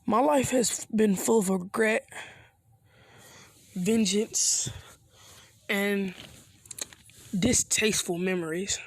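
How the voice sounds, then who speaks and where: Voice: medium pitch, slow, pauses often, dry recording. A narrator voicing a hardened, vengeful orphan boy ninja in a casual, slangy storytelling voice. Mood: cold. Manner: casual, flat slangy delivery.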